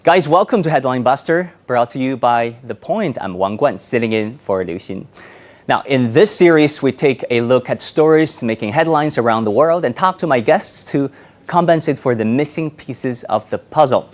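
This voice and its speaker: A man sitting in as host of a live-stream news show, chatting loosely before airtime and then reading a script crisply. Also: mid-range voice, normal speed. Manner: relaxed banter off air, crisp scripted delivery on air. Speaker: stand-in host.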